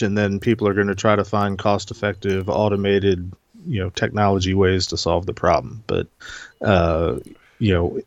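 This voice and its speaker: A man in a casual panel discussion, talking earnestly and haltingly with many restarts. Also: fairly low pitch, no echo, muffled recording. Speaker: panel guest.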